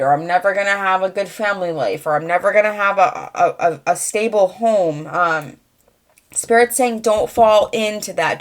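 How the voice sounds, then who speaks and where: A young adult woman giving a rambling, conversational channeled tarot reading, full of fillers. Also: mid-range voice. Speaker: tarot reader.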